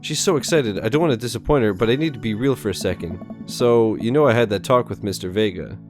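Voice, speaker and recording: A man's voice: lowish voice, fast, music in the background. A man playing through a dating game on video, reading the lines aloud and tossing in jokey, self-mocking asides. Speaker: gaming YouTuber. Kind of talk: let's play, reading a visual novel aloud.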